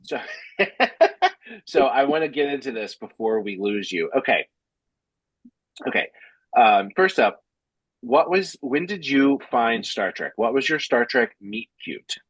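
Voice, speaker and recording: A man hosting a podcast, asking his guest questions in a relaxed, chatty way. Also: mid-range voice, breathy edge, no echo, low-quality recording. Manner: asks questions warmly, quick to laugh. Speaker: podcast host. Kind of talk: casual podcast conversation.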